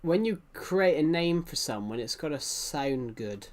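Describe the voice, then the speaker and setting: A man's voice: on the high side, lively intonation, unhurried. A young man chatting casually with viewers during a game live stream, rambling and often correcting himself. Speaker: livestreamer.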